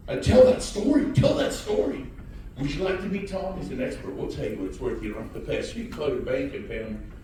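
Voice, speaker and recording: Male motivational speaker, loud and punchy, working a crowd; very echoey hall, distant mic. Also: animated, fast talker, a little hiss or hum. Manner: high-energy, shouting and teasing the crowd. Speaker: real estate speaker addressing an audience. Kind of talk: motivational talk to a live audience. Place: large hall with audience.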